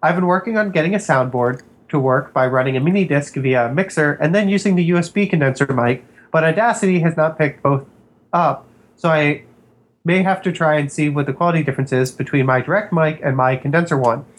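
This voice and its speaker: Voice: medium pitch, a little fast. A podcast co-host chatting casually about their gaming week, rambling and laughing often. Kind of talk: casual chat.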